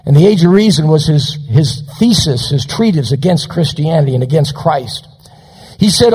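High-voiced preacher in a reverberant church. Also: male voice, animated, a little mellow, husky. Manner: dramatic preaching, slows for quotations. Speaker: pastor. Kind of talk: recorded sermon on radio.

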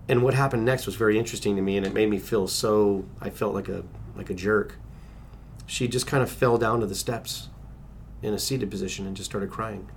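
Man, low gravelly voice, earnest storytelling, faint rumble behind. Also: quick pace. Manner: earnest, restarts and acts out quotes. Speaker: interview guest. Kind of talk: personal storytelling.

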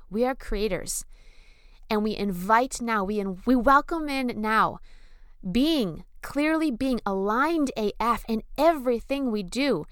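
A woman's voice: medium pitch, smooth, no room sound, clean studio sound. A woman speaking as a spiritual self-help speaker in a motivational monologue, emphatic and casual, repeating phrases and sometimes getting emotional. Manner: casual slang and laughter.

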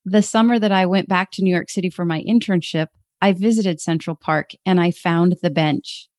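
A young adult woman hosting a podcast, cheerful and quick to laugh. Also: on the low side, steady tone, darkish tone, no room sound, studio quality. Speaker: podcast host. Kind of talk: upbeat podcast chat.

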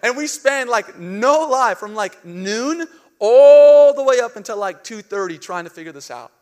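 A young man preaching a sermon as pastor, telling stories with animated outbursts and dropping to a soft hushed tone for reflective moments. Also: extremely high pitch, unhurried. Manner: animated storytelling, acting out panic with loud outbursts.

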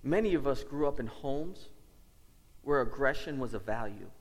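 A man's voice: mid-range voice, lively intonation, moderate pace. Earnest man preaching in a reverberant hall. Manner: earnest, storytelling with repeated phrases. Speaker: lead pastor. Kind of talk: sermon. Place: church sanctuary.

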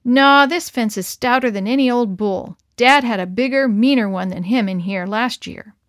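Woman doing a bold, shouting farm boy. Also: fairly high pitch, moderate pace, no room sound, clean studio sound, close to an everyday voice. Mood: boastful. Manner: shouting, daring. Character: eager, boastful farm boy.

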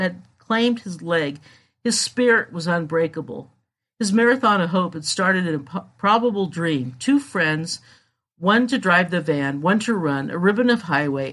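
A narrator telling a true story in a measured, solemn scripted narration. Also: mid-range voice, fairly bright tone.

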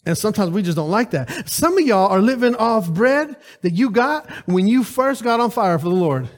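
A man preaching a lively sermon at a church service, calling out to the congregation with rhetorical questions. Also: high-pitched, normal speed.

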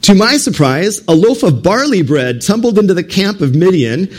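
A man voicing a Midianite soldier who tells his companion about a strange dream, in a higher, wondering voice. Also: sing-song, normal speed. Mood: amazed.

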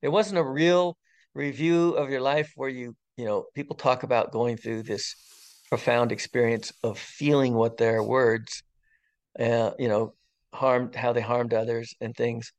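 Older man telling a story haltingly. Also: medium pitch, fairly even intonation. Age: 60s. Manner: halting, with frequent ums and pauses; earnest and wondering. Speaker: interview guest, retired fire captain. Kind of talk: personal storytelling in conversation.

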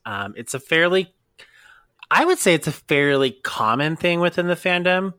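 A podcast co-host talking in a loose, rambling way, full of fillers and laughter. The voice sits at a middle pitch and is recorded close and dry. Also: lively intonation, normal speed, bright, forceful tone, clean tone, no room sound. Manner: rambling, giggly, lots of fillers. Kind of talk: casual podcast chat.

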